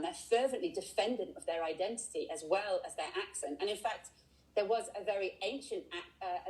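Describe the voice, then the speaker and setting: This is a woman from England narrating a walking tour outdoors. She explains things in a chatty, easygoing way and often pauses on an um. The sound comes through a video call. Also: medium pitch, a little mellow, rough recording. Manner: chatty, explanatory, with frequent ums. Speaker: tour guide. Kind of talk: live walking tour chat. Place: outdoors by a river.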